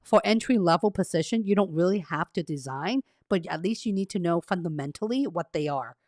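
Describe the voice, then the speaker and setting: A woman career coach hosts a casual livestream from a carpeted home room treated to cut echo, chatting with viewers, reading their comments aloud, and laughing at herself. Her voice is on the low side with a darkish tone and lively intonation, and she talks fairly quickly. The sound is clean and studio-like, with no echo.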